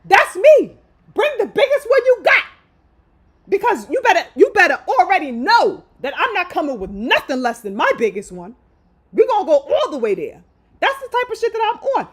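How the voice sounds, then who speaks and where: Female host, high lively voice, fiery profane boxing rant. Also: moderate pace. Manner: heated, emphatic, profane ranting. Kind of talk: live opinion commentary.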